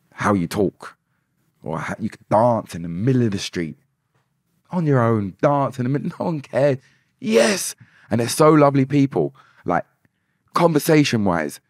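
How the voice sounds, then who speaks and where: Relaxed rambling man, lively pitch. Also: no room sound, clean studio sound. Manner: relaxed, rambling, repeats words. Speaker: musician guest. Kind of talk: casual podcast interview.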